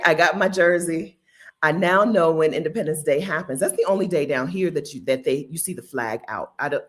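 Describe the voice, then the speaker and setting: A woman hosting a casual livestream, chatty and playful, laughing often and answering viewer comments. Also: extremely low pitch. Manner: chatty with many asides and restarts. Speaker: livestream host.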